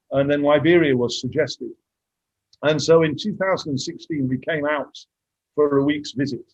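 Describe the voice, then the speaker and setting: Husky-voiced man telling his story over a call. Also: on the high side, a little mellow, dry recording, dull audio. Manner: candid, reflective, getting emotional at times. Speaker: guest speaker, mission dentist. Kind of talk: casual storytelling on a video call.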